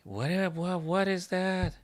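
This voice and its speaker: Slow-talking man thinking aloud over chess. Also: sits high, expressive. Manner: self-mocking, bursts into exclamations. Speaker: chess coach streaming his games. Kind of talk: thinking aloud while playing live chess.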